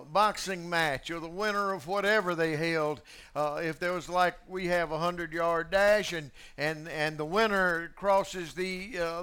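A man preaching a sermon, swinging between loud declarations and hushed asides, and repeating key phrases for emphasis. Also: high voice, smooth.

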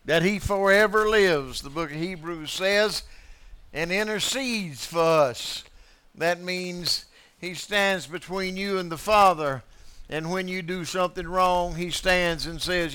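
High, bright-voiced man preaching a dramatic sermon. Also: takes it slowly, smooth. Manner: dramatic swings between loud declarations and hushed asides; emphatic, repeats key phrases.

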